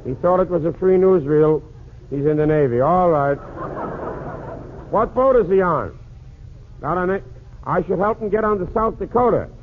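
A man with a high voice runs a one-sided comic phone call with quick patter. It reaches us as a tinny, narrow-band 1940s radio transcription. A faint hiss sits under it. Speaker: comedian and emcee. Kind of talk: 1940s radio comedy monologue.

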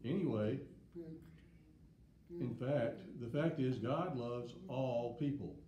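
A man from the South, giving a plain, deliberate devotional talk with short stories. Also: mid-range voice, a crowd in the background. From Southern United States. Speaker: preacher. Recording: echoey room.

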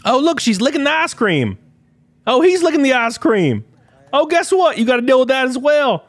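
A man with a high voice that jumps all over the place rants bluntly and with exasperation, reading workplace complaints aloud and swearing casually. He sits right at a close mic with a dry, dead sound. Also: big pitch swings, normal speed, no room sound. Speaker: streamer commentator. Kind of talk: reading posts aloud and ranting.

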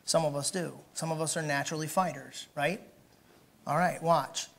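Man in the pulpit, bright and forceful, who builds to shouts and then drops to low asides while checking the room. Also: steady tone, moderate pace, vocal fry. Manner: swings from shouted emphasis to quiet, joking asides; asks the congregation questions directly. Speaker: pastor. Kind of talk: sermon. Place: church.

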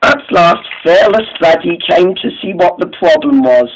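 A man's voice: sits high, expressive, moderate pace, slight background noise, low-quality recording. A man telling an improvised story about steam engines, often stumbling and restarting his sentences.

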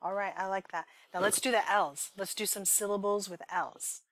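A woman's voice: mid-range voice, steady tone, moderate pace, a bit bright, slight background noise. Patient woman modeling speech sounds. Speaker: speech therapy presenter. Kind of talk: demonstration therapy session with a child.

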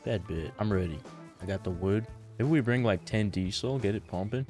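A young man chatting casually while gaming, laid-back and quick to laugh. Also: fairly low pitch, a little mellow, soft background music. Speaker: gamer.

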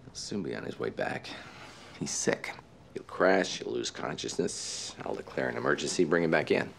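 A man's voice: a bass voice, lively intonation, moderate pace, gravelly, slight background noise, exaggerated voice. An actor playing a sardonic, blunt doctor who leads his team, with cutting sarcasm in a TV drama. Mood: confident. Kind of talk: TV drama acting.

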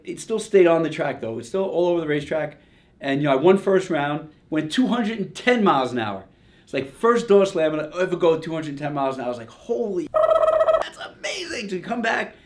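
Animated older New storyteller. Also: male voice, a little high. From Long Island, New York. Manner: animated, many fillers like "you know" and "like". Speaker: retired drag racer telling a story. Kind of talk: casual storytelling.

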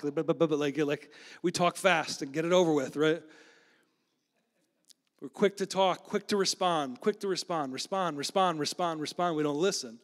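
A man preaching a sermon in a loose, conversational way, often repeating words and restarting. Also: on the high side. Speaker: pastor. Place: church sanctuary. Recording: long hall reverb.

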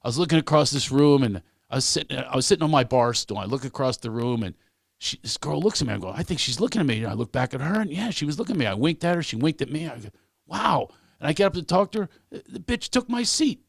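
A man's voice: on the high side, big pitch swings, fast, vocal fry, no echo, clean studio sound. A man who is a comedian guest, ranting animatedly and repeating words when fired up. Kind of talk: animated podcast conversation.

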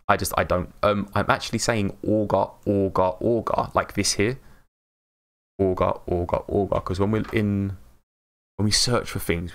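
A man's voice: sits low, fairly even intonation, normal speed, vocal fry, a bit bright. A British man live streaming a game in casual chat, mumbling and slurring his words and laughing often.

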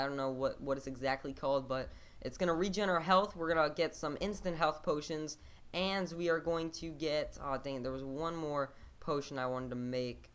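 A man's voice: fairly high pitch, fairly bright tone. Guy rambling thru his game, lots of ums and uhs, casual let's play host. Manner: rambling, hesitant, lots of fillers.

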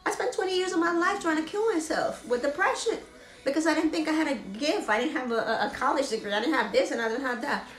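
A woman's voice: high voice, fast talker, roomy sound, faint music behind. A woman vlogger giving an emotional motivational talk. She is earnest and preachy and repeats phrases for emphasis.

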